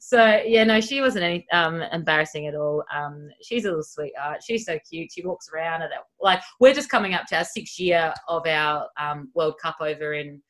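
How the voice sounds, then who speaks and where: Chatty woman, slightly low voice. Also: normal speed, few pauses, fairly bright tone. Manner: chatty, rambling storyteller. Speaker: podcast co-host. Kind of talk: casual chat.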